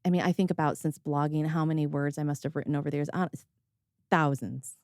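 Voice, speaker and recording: A woman hosting a podcast in relaxed, candid talk, slipping in the odd swear word. Her voice sits a little low, and the sound is close and dry with no room in it. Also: brisk, no echo. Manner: candid, chatty, swears casually; laughs often. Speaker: podcast host. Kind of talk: casual conversational chat.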